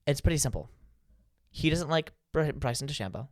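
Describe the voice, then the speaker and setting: A young man co-hosting a podcast in casual chat, excitable, swearing freely and cutting in. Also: on the high side, a little fast, no echo, studio quality. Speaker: podcast co-host.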